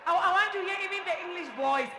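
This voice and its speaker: A woman working as MC at a sports event, hyping the crowd in a loud, repetitive way and often shouting. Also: extremely high pitch, quick pace, very noisy. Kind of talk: live crowd hype and welcome speeches. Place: indoor sports dome.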